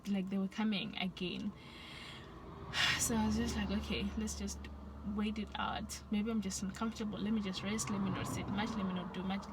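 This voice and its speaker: A young woman vlogger telling a personal story to camera, soft-spoken and halting, with many restarts and sighs. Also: mid-range voice, noisy background.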